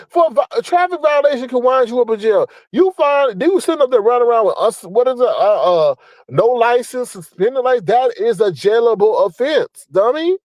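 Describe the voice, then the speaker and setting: A man with a high-pitched voice delivers a blunt, profane rant, scolding and mocking as he hammers his points home by repeating them. The sound is dry and close, with no room around it. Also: expressive, fairly quick, a little mellow, dry recording, low-quality recording. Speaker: online commentator. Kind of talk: ranting commentary.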